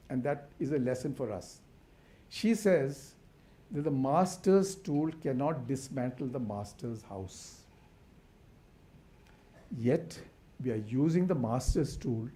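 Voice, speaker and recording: A mellow, slightly high voice belongs to an older man from India, the keynote speaker at a symposium. He asks rhetorical questions with passion and often starts his sentences over.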